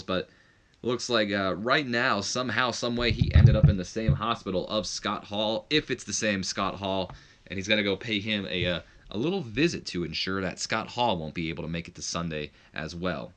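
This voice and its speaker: A man's voice: fairly low pitch, a little fast, bright, forceful tone. A man casually commenting on a wrestling management game, rambling with chuckling asides. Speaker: gaming video host.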